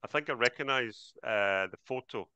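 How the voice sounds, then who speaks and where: A man's voice: medium pitch, moderate pace, bright, forceful tone, clear, resonant tone, no room sound, muffled recording. A man hosting a live online trading class over a video call, chatty and greeting each attendee by name.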